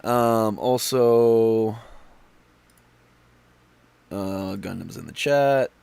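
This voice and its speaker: A man's voice: lowish voice, drawn-out words, creaky, a little mellow, smooth, no room sound. Tired, stuffy man rambling on stream. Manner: tired, rambling with many fillers and restarts. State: stuffy and out of breath. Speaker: livestream host. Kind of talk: casual livestream chat.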